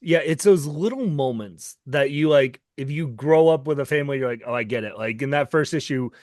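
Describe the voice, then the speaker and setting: A man's voice: mid-range voice, brisk, a little mellow, no echo. Casual man host, dry sound. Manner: relatable, casual, fillers like "like". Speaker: interviewer host. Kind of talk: casual interview chat.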